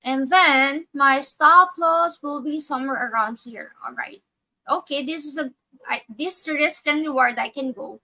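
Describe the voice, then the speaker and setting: A woman's voice: sits high, a little slow, sharp tone, low-quality recording. A woman hosting a live trading session, walking through her chart step by step and correcting herself as she thinks aloud. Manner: methodical, thinks aloud with fillers and self-corrections. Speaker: trading educator.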